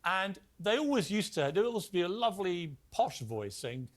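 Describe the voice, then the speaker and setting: A man hosts a studio debate with a lively, rising and falling voice. He talks emphatically and cuts in over his guests. His pitch sits a little high for a man. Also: normal speed. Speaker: TV host.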